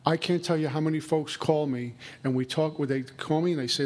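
A man's voice: fairly high pitch, steady tone, a little fast, hardly any pauses, darkish tone. A man giving a conversational recovery talk, acting out inner dialogue. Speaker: recovery speaker.

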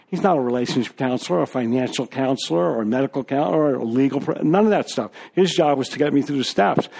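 A man's voice: mid-range voice, gravelly, a little mellow. A man as a guest speaker, telling his personal recovery story to a group in a candid, conversational way with fillers and asides.

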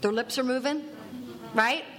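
A woman's voice: high-pitched, unhurried, a bit bright. A woman giving a personal testimony at a recovery meeting, earnest and emphatic, repeating key lines for weight. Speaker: speaker sharing at a recovery meeting.

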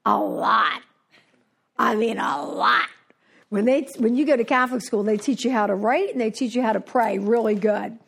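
Brief: woman, higher voice with a gravelly edge, animated storyteller giving a personal recovery share. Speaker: speaker sharing at a recovery meeting. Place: New Jersey.

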